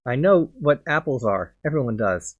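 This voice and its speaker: A man doing a scared little girl in a video game, lost far from home and stumbling over her words. Her voice rises anxiously as she asks where everyone has gone. The pitch sits mid-range, neither high nor deep. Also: lively intonation, breathy edge, highs cut off. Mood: indignant. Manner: anxious, halting, stammering. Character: lost frightened little girl from a vanished town.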